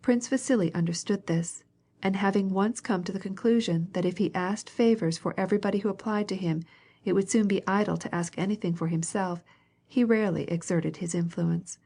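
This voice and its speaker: Mellow-voiced woman reading an audiobook. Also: mid-range voice, brisk, husky. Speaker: audiobook narrator. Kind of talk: scripted audiobook narration.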